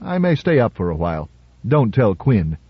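A man voicing a composed male politician who speaks slowly and without emotion, in an audiobook reading. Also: lowish voice, big pitch swings, breathy edge, no echo, highs cut off. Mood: calm, firm. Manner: slow, unemotional. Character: calm composed male politician, measured and unemotional.

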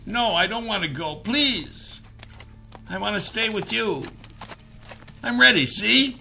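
A man's voice: lively intonation, slow pace, gravelly, bright, forceful tone, a little hiss or hum, exaggerated voice. Man putting on a whiny, naive young sidekick. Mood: pleading. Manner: pleading, apologetic, high and strained.

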